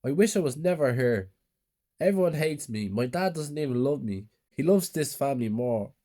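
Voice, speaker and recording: A man's voice: medium pitch, lively intonation, normal speed, mellow, pitched above the performer's own voice, natural voice. A man voicing a frightened, lonely young boy in a spoken horror story, in a pleading, tearful way.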